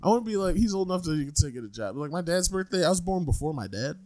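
A man's voice: high voice, racing, dry recording. A young man co-hosting a podcast, chatting casually and comically, laughing often and swearing. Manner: animated, laughing often, profane. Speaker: podcast co-host. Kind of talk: casual comedic chat.

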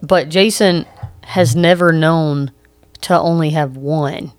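A woman's voice: sits low, slow pace, dry recording. Chatty woman podcast co-host, dry sound. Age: 30s. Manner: chatty, many fillers like "like" and "um". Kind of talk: casual chat.

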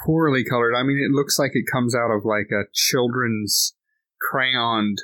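A man's voice: medium pitch, fairly even intonation, unhurried, fairly bright tone, no echo. A middle-aged man hosting a podcast, chatting in a laid-back, wry way about tabletop gaming. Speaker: podcast host.

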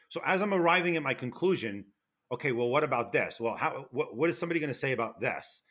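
Loud New York man, bright voice. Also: medium pitch, fairly quick. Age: older. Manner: loud, animated storyteller with frequent restarts. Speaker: retired fire investigator guest. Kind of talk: casual interview.

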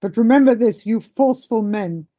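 A pompous, old-fashioned aristocrat past his prime, read by a woman in a dramatic reading of a novel. He speaks in a haughty, indignant manner. The voice is warm and mellow and sits rather high. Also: normal speed, close to an everyday voice.

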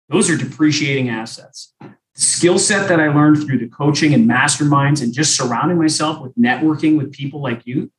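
A motivational man explains a sales method in a podcast conversation, stressing and repeating his key points. His voice sits a little high and is heard from a short way off the mic, in a roomy, echoey space. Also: a bit bright, far from the mic. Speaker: sales trainer.

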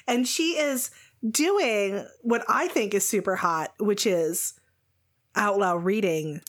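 A woman's voice: mid-range voice, slow. A woman co-hosting a casual podcast about a romance novel, laughing often and teasing with a bit of swearing. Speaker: podcast co-host.

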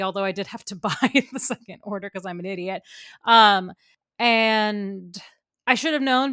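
A young woman hosting a podcast, telling stories in a casual, animated way with lots of fillers and laughs. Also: mid-range voice, no room sound, studio quality. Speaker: podcast host. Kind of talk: casual chat.

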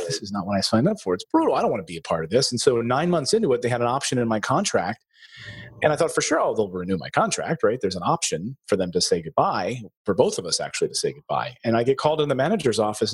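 His voice runs lowish and a touch rough, with no echo in the audio. The middle-aged Philadelphia-area man, once a TV news anchor and now in real estate investing, recounts his career as an interview guest, animatedly acting out the voices of people he quotes.

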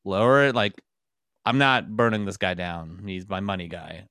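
A man's voice: low voice, normal speed, pushed and bright, smooth, no room sound, clean studio sound. A man co-hosting a comedy podcast, rambling casually with lots of fillers. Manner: rambling, filler-heavy, laughs often. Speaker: podcast co-host.

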